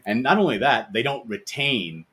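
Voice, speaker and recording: A man hosting a casual podcast chat, telling stories in a rambling, animated way. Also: medium pitch, normal speed, husky.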